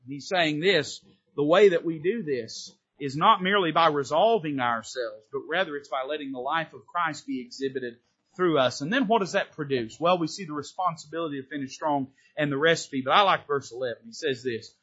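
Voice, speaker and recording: A pastor preaching a fervent sermon from the pulpit, pushing harder on key points in a folksy style. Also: male voice, a little high, brisk, fairly bright tone, breathy edge. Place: church sanctuary from the pulpit. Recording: dull, lo-fi sermon recording.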